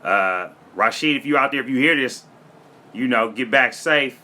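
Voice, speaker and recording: A man's voice: mid-range voice, expressive, moderate pace, sharp tone. A man from Florida, a comedian and rapper, freestyling and then telling a story in a brash, profane, streetwise way. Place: home studio.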